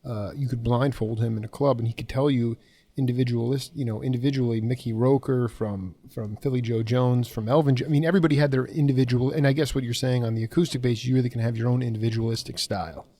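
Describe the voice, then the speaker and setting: Gravelly radio host with a mellow tone. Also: male voice, medium pitch, steady tone, fast talker, dry recording. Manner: earnest, searching questions with restarts. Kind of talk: interview questions.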